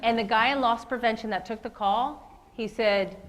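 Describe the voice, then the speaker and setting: A woman's voice: a little high, fairly quick, rough recording. A woman giving a motivational keynote speech, speaking earnestly and directly to her listeners. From lives in Las Vegas.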